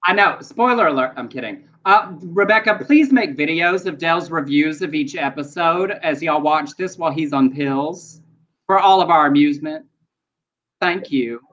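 A man co-hosting a podcast, chatting about the news in a campy, playful way with quick asides. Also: fairly high pitch, fairly bright tone. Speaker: podcast co-host. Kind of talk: casual news chat. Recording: dull lo-fi sound.

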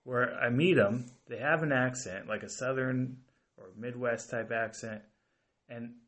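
A man's voice: mid-range voice, unhurried, a bit bright. A man hosting a podcast, asking questions cautiously and hedging before he gets to the point. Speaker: podcast host. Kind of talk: casual podcast interviewing.

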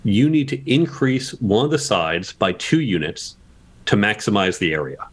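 A man's voice: on the low side, big pitch swings, normal speed, slightly rough. A man guest on a podcast interview, explaining communication tips and asking rhetorical questions as he goes.

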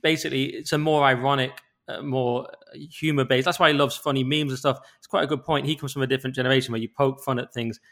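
A man's voice: mid-range voice, steady tone, fast talker, hardly any pauses, a bit bright. A man co-hosting a podcast, talking casually and giving his opinions. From England. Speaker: podcast co-host. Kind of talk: casual chat.

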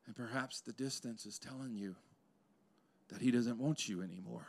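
A man preaching a sermon to a congregation in a church, swinging between loud exclamations and hushed intensity, with playful asides to the crowd. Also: mid-range voice, normal speed, gravelly. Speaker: pastor. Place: church sanctuary before a congregation.

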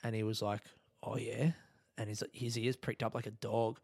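A man's voice: on the low side, flat delivery, brisk, a little mellow, no room sound, clean studio sound. A man, a comedian, talking on his own podcast, rambling and swearing and laughing at his own jokes. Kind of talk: solo podcast monologue.

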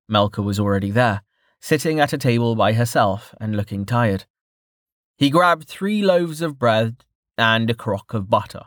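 A man reading a fantasy novel aloud as an audiobook narrator, in even, steady scripted narration. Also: fairly low pitch, dry recording, clean studio sound.

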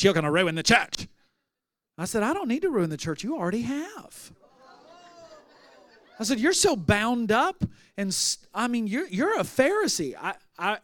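A man's voice: sits high, no room sound. A male pastor preaching a sermon, telling stories and acting out the people in them, then rising to emphatic declarations. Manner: storytelling, acting out quoted voices, rising to emphatic outbursts.

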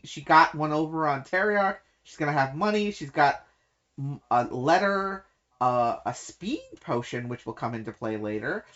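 A woman co-hosting a casual book discussion podcast, talking in animated, quick bursts and laughing often. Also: sits low. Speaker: podcast co-host. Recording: dull lo-fi sound.

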